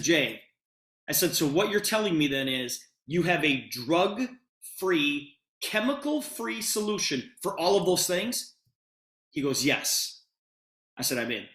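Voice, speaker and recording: Man retelling a story in an echoey room. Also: high voice. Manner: animated retelling with quoted dialogue. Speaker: presenter. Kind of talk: storytelling sales pitch.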